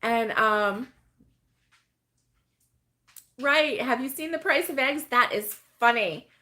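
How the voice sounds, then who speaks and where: Slow-talking chatty woman host. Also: a little high, sharp tone. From United States. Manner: chatty, rambling with many fillers and frequent laughs. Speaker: host of a crochet live stream. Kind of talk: casual chat reading viewer comments.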